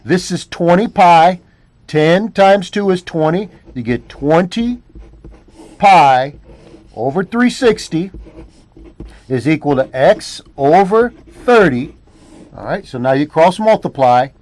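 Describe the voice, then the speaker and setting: A man's voice: fairly high pitch, expressive, takes it slowly, darkish tone. Man teaching math, repeating key steps. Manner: repeats phrases for emphasis, checks in with "all right?". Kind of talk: classroom lesson walking through a problem.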